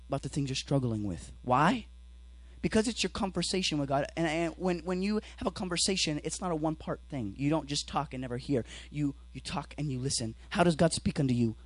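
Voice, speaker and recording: A teenage boy preaching a sermon, swinging between shouted exhortation and quiet low explanation, acting out little scenes. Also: no room sound, poor audio. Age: teens. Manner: acts out dialogue with the devil and watchmen.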